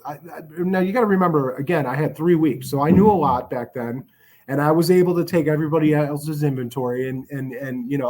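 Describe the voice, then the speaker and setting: A man's voice: on the high side, a little mellow, slightly rough. A man from Chicago telling his recovery story in a casual, rambling way, with many restarts and fillers.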